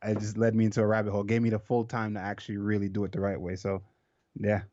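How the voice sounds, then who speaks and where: A man's voice: fairly low pitch, completely flat delivery, quick pace, dark tone, highs cut off. A man from Jamaica who is a professional fighter, talking in a loose, casual way and swearing freely. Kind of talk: casual interview chat.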